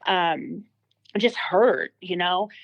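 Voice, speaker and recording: A woman with a fairly low voice recounts a personal experience as a podcast guest. She talks vividly and keeps backtracking with fillers and restarts. The audio sounds dull and lo-fi. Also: extremely slow. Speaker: podcast guest telling her story. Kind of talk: personal testimony.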